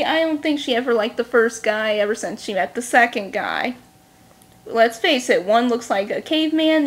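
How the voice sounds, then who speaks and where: A woman recapping a book series in a casual vlog, snarky and sarcastic, talking quickly. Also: a little high. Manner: talks fast. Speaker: book reviewer.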